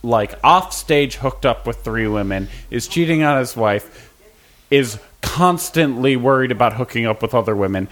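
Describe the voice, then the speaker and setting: A man's voice: medium pitch, expressive, moderate pace, fairly bright tone. A man co-hosting a casual movie podcast, blunt and wry. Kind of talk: casual movie-commentary chat.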